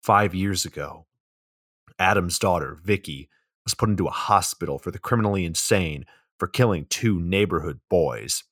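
A man's voice: low-pitched, normal speed, dry recording. A young man co-hosting a comedic podcast, recapping a movie plot with dry, crude humor. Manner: dry, deadpan, crude joking. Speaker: podcast co-host.

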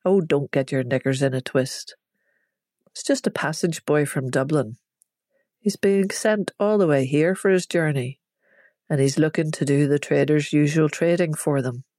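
A storyteller voicing a village mother who makes herbal tinctures, teasing her daughter yet sharp underneath. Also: mid-range voice, no echo, studio quality, lightly acted.

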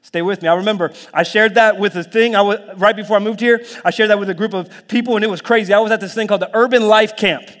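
A man preaching a sermon in a lively, conversational way, now and then dropping to a whisper or jumping to a shout. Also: sits high, quick pace, hardly any pauses. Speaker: pastor. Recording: long hall reverb.

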